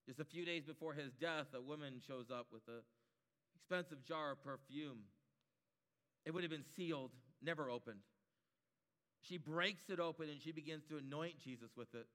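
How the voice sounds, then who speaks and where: A man's voice: a little high, normal speed, a bit bright, long reverb tail. A man preaching a sermon, building his points through emphatic repetition.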